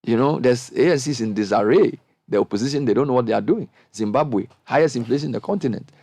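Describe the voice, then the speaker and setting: Hosting a radio panel, this middle-aged Ghanaian-accented man talks fast with a creaky voice on a dry recording. His delivery is impassioned and animated, rising into high exclamations.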